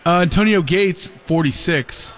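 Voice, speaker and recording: Guy on morning radio, kinda high voice, reading birthdays and cracking jokes, music low behind. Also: measured pace. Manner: jokey, reads birthday list. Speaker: radio show co-host.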